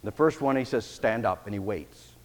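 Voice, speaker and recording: A man preaching a sermon as pastor, emphatic, swinging between loud declarations and quiet, intimate passages. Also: on the low side, fairly quick, slightly rough, long reverb tail.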